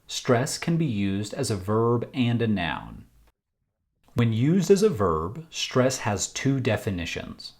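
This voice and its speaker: A man with an American accent teaching English vocabulary in slow, deliberate explanations with example sentences, recorded outdoors while walking a trail. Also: mid-range voice, wildly swooping pitch, a little mellow.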